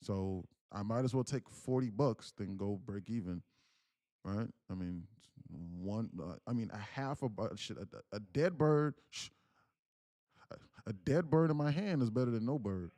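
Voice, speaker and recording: A man's voice: on the low side, measured pace, mellow, no echo. A man live-streaming his day trades, talking casually to his chat and breaking into laughter.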